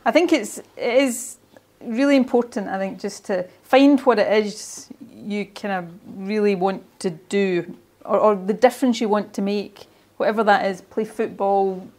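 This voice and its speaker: A woman's voice: medium pitch, measured pace, hardly any pauses, darkish tone. Earnest, encouraging Scottish woman. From Ayrshire, Scotland. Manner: earnest and encouraging, often restarts phrases. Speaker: guest speaker. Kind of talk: motivational talk to young players.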